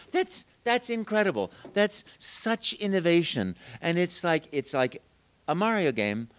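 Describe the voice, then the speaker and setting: A man's voice: sits high, takes it slowly. A man, a voice actor guest at a game convention, telling stories animatedly in a casual interview. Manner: animated storyteller, slips into character voices.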